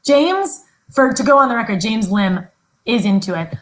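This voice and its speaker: Young female podcast co-host, bubbly and casual, higher voice. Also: lively intonation, normal speed, rough recording. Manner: upbeat, giggly.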